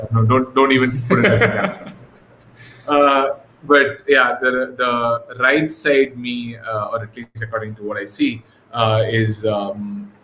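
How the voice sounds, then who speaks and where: A man as an interview guest, telling stories in a relaxed, casual way with lots of fillers and restarts. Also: mid-range voice. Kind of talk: casual conversational storytelling. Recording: echoey room with faint noise.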